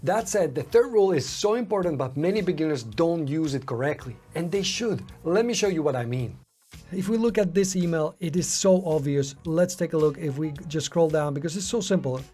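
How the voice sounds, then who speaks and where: A man walking viewers through an email design tutorial on his screen, explaining calmly and pausing on fillers. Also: fairly high pitch, husky, faint music behind. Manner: relaxed, explanatory, with frequent "uh" fillers. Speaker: online marketing tutor.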